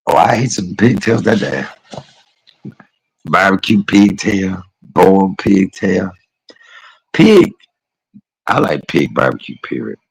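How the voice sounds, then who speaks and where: A man's voice: a bass voice, vocal fry, husky, poor audio. A man chatting casually and rambling on a livestream, calling his viewers y'all and baby. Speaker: live streamer.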